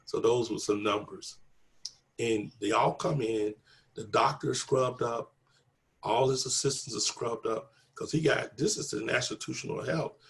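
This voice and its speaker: A man's voice: medium pitch, unhurried, vocal fry. A man telling a personal story in a conversational way, acting out each exchange of dialogue with earnest conviction. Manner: acts out dialogue, repeats "I said" and "he said"; earnest, faith-filled testimony. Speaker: interviewee telling his story.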